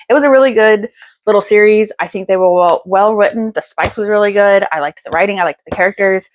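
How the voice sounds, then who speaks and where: A young woman chatting casually through a book haul, bubbly and gushing, tired and a little out of breath. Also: mid-range voice. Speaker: book vlogger.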